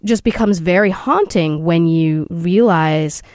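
A woman's voice: lowish voice, takes it slowly, darkish tone, no echo, clean studio sound. A woman hosting a podcast interview, asking thoughtful, probing questions.

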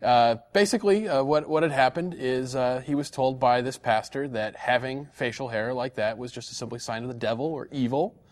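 A man's voice: medium pitch, fairly quick, hardly any pauses. A man hosting a live weekly call-in program, talking casually with frequent fillers and restarts. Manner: chatty, many fillers and restarts. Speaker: host of a call-in show.

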